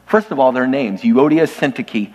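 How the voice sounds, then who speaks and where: A man preaches to his congregation in a casual, lightly humorous way, turning to the people in front of him again and again. His voice sits at an ordinary middle pitch. The sound trails off into the long reverb of a church hall. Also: normal speed, darkish tone. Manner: conversational, lightly humorous, addresses the congregation directly. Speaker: pastor. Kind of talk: sermon. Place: church sanctuary.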